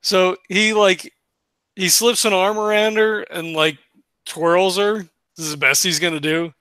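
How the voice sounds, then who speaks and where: A man's voice: high-pitched, fairly even intonation, a little slow, bright, forceful tone, smooth, no room sound. A man playing his character at a tabletop game, laid-back and swearing casually. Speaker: player.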